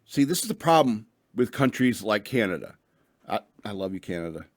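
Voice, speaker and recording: A man's voice: fairly low pitch, very animated, a little fast, a little hiss or hum. A man hosting a radio show, ranting and reading news stories in a rambling, profane way with lots of restarts, a bit tipsy.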